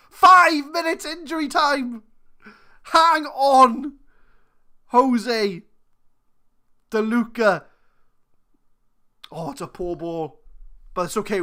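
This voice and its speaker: Excitable woman commentating a game. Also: a little high. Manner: excitable, thinks aloud, shifts between muttering and shouting. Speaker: gaming channel host. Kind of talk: live commentary on a football management game.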